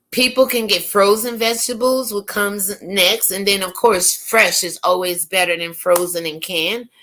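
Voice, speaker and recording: With a medium-pitched, fairly bright voice, a U.S. woman runs a casual opinion commentary. As the channel's host, she speaks emphatically and keeps firing rhetorical questions.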